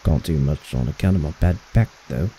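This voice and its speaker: A man voicing a deferential old male gardener with a bad back, speaking in a gruff, servant-like way. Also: a bass voice, brisk, warm tone, a little hiss or hum, rough recording. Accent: attempted British accent.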